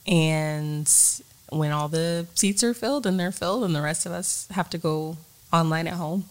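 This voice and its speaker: A woman's voice: fairly low pitch, normal speed. A young woman co-hosting a casual chat, telling stories with laughs and quoting herself. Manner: laughing, storytelling, quotes herself. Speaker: podcast co-host, teacher.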